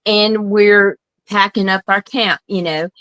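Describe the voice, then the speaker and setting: A woman telling a story in a casual chat, chatty and giggly, quick to jump in. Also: medium pitch, fairly even intonation, fairly bright tone, dry recording, rough recording. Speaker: show guest.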